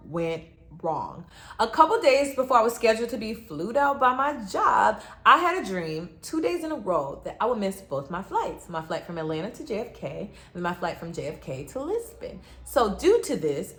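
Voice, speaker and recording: Lively young woman vlogger. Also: fairly high pitch, normal speed. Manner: animated, dramatic storytelling, addresses viewers directly. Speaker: travel vlogger. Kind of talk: storytelling vlog.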